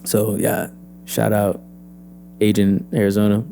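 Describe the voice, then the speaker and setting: A young adult man, an actor and PE teacher, telling his story as an interview guest, lively and acting out the voices he quotes. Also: fairly low pitch, unhurried, creaky, slight background noise.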